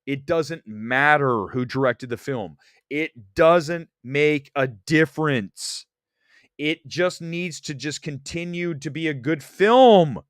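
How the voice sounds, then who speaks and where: A man's voice: a little high, slow, no room sound, clean studio sound. A man hosting a livestream about movies, talking bluntly and teasing his chat. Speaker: livestream host.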